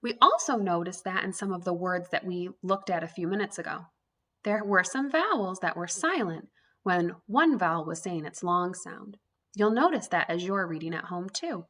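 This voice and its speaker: A woman's voice: mid-range voice, very animated, unhurried, a bit bright. A woman teaching an early reading lesson to young children, sounding out letters one by one in an encouraging way.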